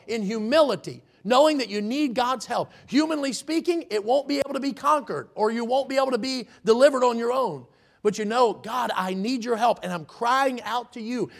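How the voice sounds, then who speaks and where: Male preacher mid-sermon: high, gravelly voice, slows and swells on each verse. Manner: emphatic preaching, slows and swells on scripture readings.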